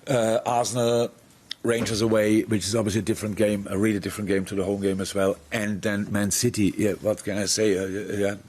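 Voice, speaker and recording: A middle-aged football manager answering press questions frankly, with many restarts. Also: male voice, fairly low pitch, little pitch movement, brisk, darkish tone, breathy edge. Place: press conference room.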